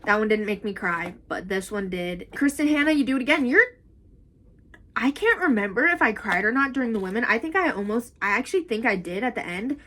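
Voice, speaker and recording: A young woman chatting casually about books in a vlog, animated and full of "like". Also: medium pitch, a little hiss or hum. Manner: chatty and animated, with frequent "like" and "y'all". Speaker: book vlogger. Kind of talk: casual book review chat.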